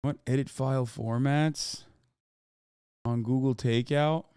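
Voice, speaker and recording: A man's voice: medium pitch, fairly even intonation, slow, a little mellow, smooth, no room sound. A man streaming live, reacting casually on a close mic in a profane, incredulous, off-the-cuff way.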